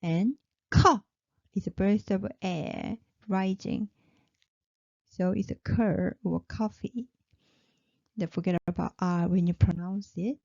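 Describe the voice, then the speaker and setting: A woman teaching a pronunciation lesson, patiently repeating each sound slowly. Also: mid-range voice, steady tone, vocal fry, mellow, no echo, lo-fi sound. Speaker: language teacher.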